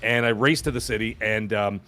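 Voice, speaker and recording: A man hosting a podcast, telling a long personal story in casual chat and acting out the people he quotes. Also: brisk. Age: adult with children. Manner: animated, acts out quoted voices with pitch jumps. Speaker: podcast host.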